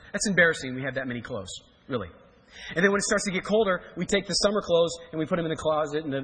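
A man's voice: fairly high pitch, slightly rough. A man in his forties from Kansas, a pastor telling a story in a sermon with joking asides. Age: 40s. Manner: animated storytelling, jokey asides. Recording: reverberant hall.

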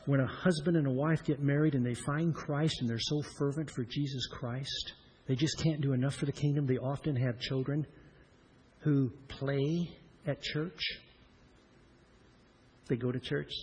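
A middle-aged man preaching a sermon, swinging between loud emphatic lines and hushed, slowed-down ones. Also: fairly high pitch, slightly rough, rough recording. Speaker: pastor.

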